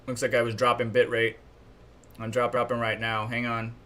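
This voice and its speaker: A man's voice: medium pitch, monotone, moderate pace, pushed and bright. A man hosting a live stream, giving casual news commentary in a chatty, blunt way and complaining openly.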